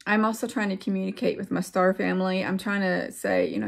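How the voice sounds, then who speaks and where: A woman vlogger talking casually and earnestly to her viewers. She rambles and reflects, repeats words for emphasis, and drifts into pauses. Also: medium pitch, steady tone, vocal fry. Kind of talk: casual heartfelt monologue to viewers.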